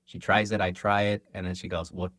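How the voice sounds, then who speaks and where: Lively low-voiced man telling stories. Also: fairly quick, dry recording, studio quality. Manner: animated storyteller acting out dialogue. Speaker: restaurant owner and cook. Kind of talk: casual interview chat.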